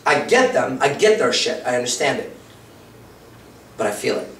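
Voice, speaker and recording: A man's voice: mid-range voice, very animated, normal speed, a bit bright, slight background noise. A man in his thirties, a dating coach giving a live lecture in a blunt, profane, conversational way. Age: 30s. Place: lecture room. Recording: roomy, far from the mic.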